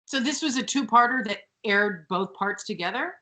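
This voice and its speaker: A woman co-hosting a casual TV recap podcast, animated and sweary, often mimicking characters. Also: on the high side, normal speed. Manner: animated, sweary, mocking voices. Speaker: podcast co-host.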